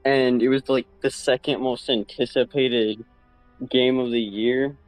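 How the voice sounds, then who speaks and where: A man's voice: mid-range voice, fairly even intonation, a little slow, dry recording, faint music behind, rough recording. Joking, rambling man in casual chat. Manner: joking and rambling, trails off mid-thought. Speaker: friend chatting with a streamer.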